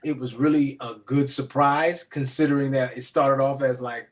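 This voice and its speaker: A man's voice: medium pitch, normal speed, few pauses. A man on a video call from a room at home, chatting as an interview guest and animatedly acting out the voices in his story. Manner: animated storyteller who acts out quoted voices. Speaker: nominated actor guest. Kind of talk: casual interview chat.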